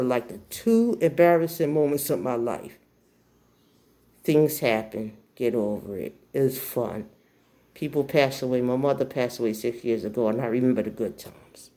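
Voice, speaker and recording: A woman in her forties from New Jersey telling a personal story in a casual way, acting out the people in it with sudden shrill outbursts. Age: 40s. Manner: animated, acts out voices in shrill outbursts.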